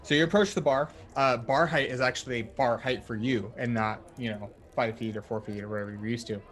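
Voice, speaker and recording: A man as dungeon master, narrating a tabletop game in a relaxed, rambling way full of fillers. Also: medium pitch, a little fast. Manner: relaxed, filler-heavy storytelling.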